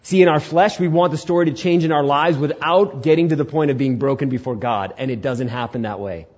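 Young male pastor in his twenties, warm dark tone, preaching with big swings in volume, slightly muffled recording. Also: a little high, brisk. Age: 20s. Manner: animated storytelling, swings from loud to hushed. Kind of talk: sermon.

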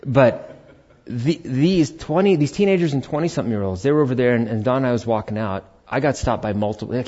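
A middle-aged pastor with a mid-range voice speaks fast, telling a personal story during a sermon in an animated, conversational way and acting out the dialogue. The recording is dull and lo-fi.

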